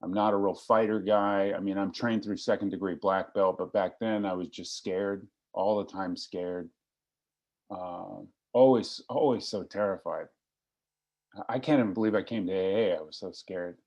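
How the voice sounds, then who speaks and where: A man's voice: low voice, fairly even intonation, moderate pace, darkish tone. A middle-aged man telling his personal recovery story to a meeting, in a wry, self-deprecating, joking way. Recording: slightly lo-fi recording.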